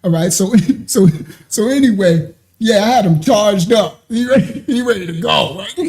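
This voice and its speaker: A man telling a personal story in a casual way, animated and often laughing. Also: high-pitched, moderate pace. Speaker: ministry speaker.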